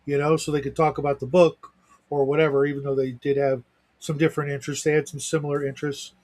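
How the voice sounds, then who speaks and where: He hosts a livestream, chatting casually while rambling with many restarts and asides. His voice is on the high side and darkish, with little pitch movement, and he speaks quickly.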